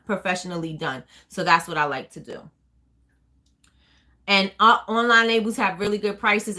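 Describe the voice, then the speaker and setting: New Jersey woman, business owner hosting a live chat, rapid and rambling, bright tone. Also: on the low side. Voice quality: fast-talking, rambling with many ums. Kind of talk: casual live chat answering viewers.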